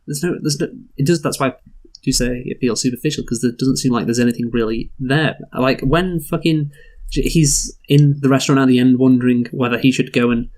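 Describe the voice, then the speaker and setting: A man's voice: mid-range voice, fairly even intonation, a little fast, darkish tone. A man co-hosting a casual film review podcast, candid and thinking aloud, swearing casually.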